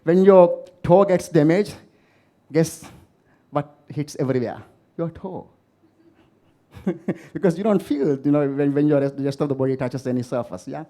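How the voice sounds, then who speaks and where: Storytelling and audience questions drive this motivational keynote by a man from the Maldives speaking to a live audience. His voice is a little high and warm, delivered at normal speed.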